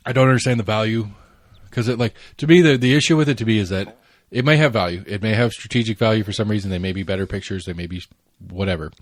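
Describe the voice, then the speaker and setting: A man's voice: lowish voice, fast, no room sound, studio quality. A man co-hosting a casual current-affairs podcast, rambling with lots of fillers and restarts and the odd swear word. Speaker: podcast co-host.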